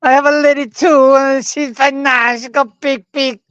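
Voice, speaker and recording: A man's voice: extremely high pitch, level tone, moderate pace, fairly bright tone, dry recording, pitched above the performer's own voice. A man putting on a boastful foreign reporter caricature with a mock Kazakh accent and broken English. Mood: goofy boasting. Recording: dull lo-fi video call.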